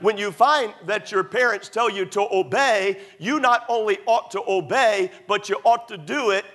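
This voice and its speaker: A man's voice: high-pitched, normal speed, fairly bright tone. A middle-aged man, a pastor, preaching a sermon emphatically, repeating points and using many fillers.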